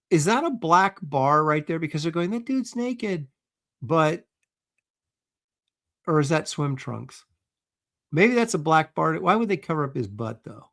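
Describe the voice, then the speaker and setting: A man with a slightly high-pitched voice hosts a loose, chatty livestream. He talks in an offhand, sarcastic way, poking holes in whatever he is shown and reading viewer comments out loud. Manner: sarcastic, skeptical, reads viewer comments aloud. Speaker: livestream host.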